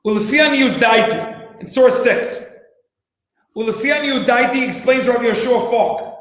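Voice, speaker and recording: A man's voice: extremely high pitch, measured pace, a bit bright, roomy sound, low-quality recording. A man in his thirties teaching a class, who keeps firing rhetorical questions, acts out scenes and raises his voice for emphasis. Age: 30s. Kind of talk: animated classroom lesson.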